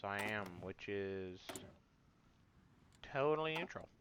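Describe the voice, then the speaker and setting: A man's voice: on the low side, expressive, takes it slowly, noisy background. A man with a put-on British accent giving casual, wry gameplay commentary as a let's play host, muttering offhand asides to himself.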